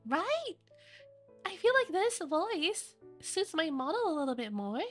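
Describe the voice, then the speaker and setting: A woman's voice: extremely high pitch, big pitch swings, a little slow, soft background music, voice pushed up, heavily acted. A woman putting on the sweet, sugary voice of a cute anime girl. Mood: cutesy.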